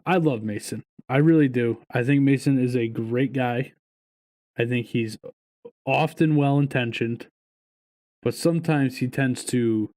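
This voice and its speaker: A man co-hosting a podcast, ranting and swearing while telling casual stories. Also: mid-range voice. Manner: profane, ranting, animated storytelling. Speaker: podcast co-host.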